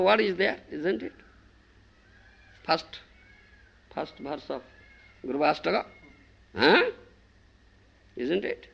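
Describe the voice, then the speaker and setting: Male spiritual teacher, devotional sermon, emphatic, lively pitch, bright tone. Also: gravelly, dull audio. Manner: emphatic, keeps asking if listeners understand.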